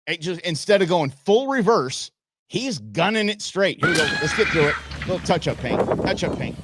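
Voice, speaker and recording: A man's voice: sits high, big pitch swings, moderate pace, fairly bright tone, slightly rough. A man hosting a show, casually commenting on clips and exclaiming and laughing at what he sees. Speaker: show host.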